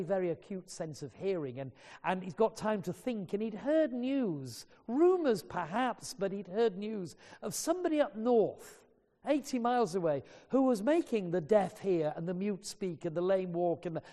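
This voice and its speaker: A man's voice: sits high, warm tone. A man preaching a sermon, retelling stories with earnest feeling and frequent stumbling restarts. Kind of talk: sermon storytelling. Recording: long hall reverb.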